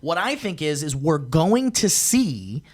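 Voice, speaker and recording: A man hosting a podcast in casual chat, animated and swearing freely in rapid bursts. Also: a little high. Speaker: podcast host.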